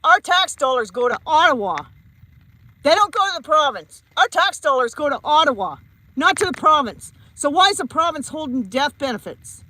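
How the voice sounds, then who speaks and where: A woman's voice: high voice, very animated, moderate pace, bright, forceful tone, poor audio. A woman, a psychic medium, giving a heated vlog rant and repeating her points emphatically. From Canada.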